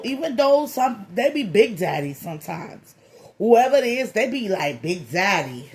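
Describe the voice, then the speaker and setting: A tarot reader giving a comedic reading in a loose, slangy, playful way, with profane jokes and lots of repeated phrases. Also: medium pitch. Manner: profane joking.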